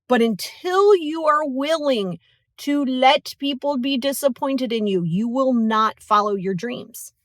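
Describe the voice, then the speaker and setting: A woman hosting a motivational podcast in a casual, animated way. She talks with lots of "like" and keeps checking in with "right?". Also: a little high, no room sound, clean studio sound. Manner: animated, acts out quoted voices. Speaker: podcast host.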